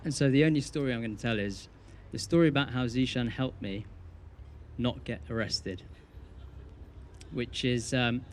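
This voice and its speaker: A man's voice: medium pitch, moderate pace, darkish tone, a little hiss or hum. A young man giving a best man's wedding speech, telling a teasing story with dry punchlines.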